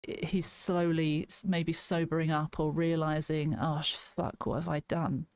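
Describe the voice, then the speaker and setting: A woman's voice: low voice, little pitch movement, unhurried, dry recording. A woman casually reviewing an album, thinking aloud, restarting sentences and laughing now and then. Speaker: music reaction host.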